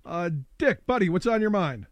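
Higher-voiced talk show host with a sick voice. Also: male voice, very animated. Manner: casual, chatty, quick asides. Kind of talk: call-in political talk.

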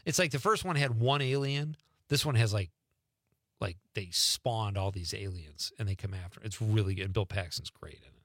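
A man's voice: fairly low pitch, moderate pace, a bit bright, no room sound, clean studio sound. A middle-aged man, hosting a radio talk show and chatting casually as he reads listener texts aloud. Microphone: studio microphone.

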